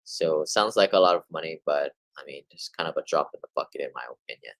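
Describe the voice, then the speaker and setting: A man's voice: very deep voice, lively intonation, fast talker, dry recording, rough recording. A man hosting a monthly real estate market update, talking casually and rambling a little, with fillers and restarts as he sums up articles. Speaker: real estate investing host.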